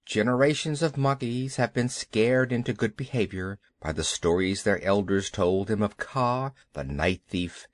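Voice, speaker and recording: A man narrating a children's audiobook in an expressive, unhurried storytelling manner. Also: fairly low pitch, no echo, clean studio sound.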